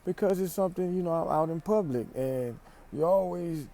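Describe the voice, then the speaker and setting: Animated Louisiana man vlogging in a store. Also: a little high, normal speed, creaky. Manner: animated, emphatic, repeats phrases, speaks in slang. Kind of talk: casual vlog monologue. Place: store aisle, indoors.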